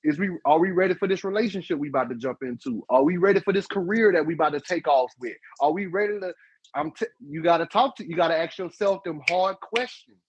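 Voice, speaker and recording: Emphatic man with a husky voice. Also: a little high, fast talker, lo-fi sound. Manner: animated, emphatic, repeats "guess what". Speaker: podcast co-host. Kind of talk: casual advice talk.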